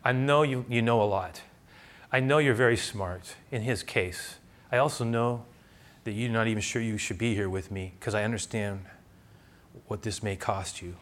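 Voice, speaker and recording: A bright, forceful man's voice delivers a conversational sermon. He tells stories with animated bursts, then drops low and quiet for prayer. He sounds like a middle-aged pastor. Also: normal speed. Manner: conversational, animated storytelling with bursts of loud excitement.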